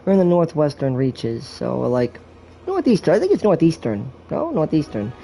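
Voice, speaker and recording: A man's voice: on the high side, big pitch swings, normal speed, creaky, mellow, slight background noise. A man giving a joking, rambling walkthrough commentary on a video game, full of crude jokes and swearing.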